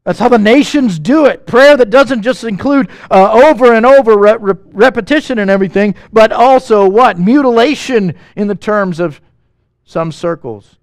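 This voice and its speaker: A man preaching a sermon as pastor, animated and emphatic, asking the congregation questions and making quick asides. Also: high-pitched, no echo.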